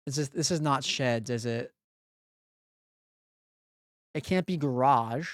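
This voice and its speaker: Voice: medium pitch, takes it slowly, no room sound, clean studio sound. A live streamer chatting casually with viewers while solving word puzzles, thinking aloud with blunt, profane banter. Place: home streaming room.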